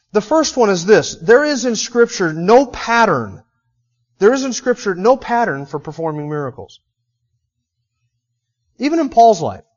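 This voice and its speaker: A man with a fairly high voice preaches a sermon with lively, emphatic delivery. He swings between loud, driving bursts and quieter, lower stretches. The recording sounds dull and lo-fi. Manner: animated, rises to emphatic bursts then drops low.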